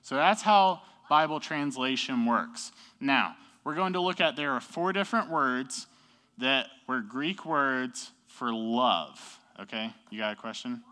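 A man's voice: mid-range voice, lively intonation, measured pace, pushed and bright. A young man teaching a class in a casual, upbeat way, often checking in with the group. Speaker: youth teacher.

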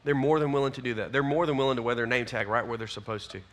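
A man, a youth pastor giving a folksy, energetic closing talk to his youth group. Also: mid-range voice, racing.

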